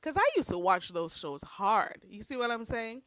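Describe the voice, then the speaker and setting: A chatty woman hosting a casual livestream, her voice sitting fairly high. She talks in an animated way and greets her viewers by name. The sound is dry and close. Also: normal speed, dry recording. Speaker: YouTube commentator.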